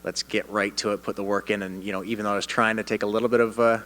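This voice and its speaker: A man from Canada, a fighter at a media day, answering reporters' questions with confidence and animated storytelling, often restarting his sentences. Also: fairly low pitch, rapid-fire, poor audio. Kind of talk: press interview answers. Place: media day press room.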